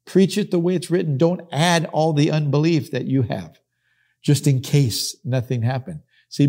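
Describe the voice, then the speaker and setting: A man's voice: mid-range voice, dark tone. A middle-aged man teaching a sermon on Bible verses, emphatic, repeating key phrases and acting out the people he quotes.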